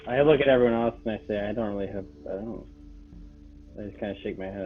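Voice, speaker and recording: A man takes part in a tabletop role-playing game, speaking in halting, hesitant bursts. His voice is fairly low. The recording sounds dull and lo-fi. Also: faint music behind. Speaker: player. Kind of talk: in-character tabletop play.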